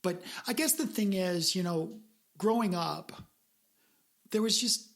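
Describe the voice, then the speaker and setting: A woman's voice: fairly low pitch, a little slow. A woman hosting a podcast, chatting casually in an earnest, rambling way with frequent restarts. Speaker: podcast host. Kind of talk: casual chat.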